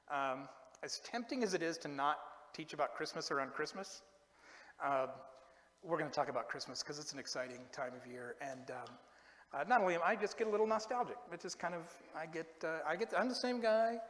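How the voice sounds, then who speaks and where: A man preaching in a relaxed, joking way, poking fun at himself as he talks to the congregation. His voice sits a little high for a man and rings with a long echo off the church hall. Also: brisk. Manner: chatty, self-deprecating, joking asides. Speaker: pastor. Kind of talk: casual humorous sermon. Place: church sanctuary.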